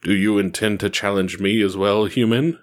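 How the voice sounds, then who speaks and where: A man's voice: fairly low pitch, fairly even intonation, moderate pace, natural voice. A man reading the part of a gloating, taunting male space monkey warrior in a storybook reading.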